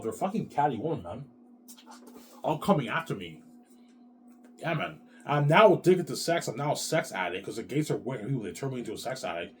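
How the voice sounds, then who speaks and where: A man's voice: mid-range voice, a little mellow. A young man hosting his own show, rambling in a profane monologue, repeating "man" and putting on brief voices for other people. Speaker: show host.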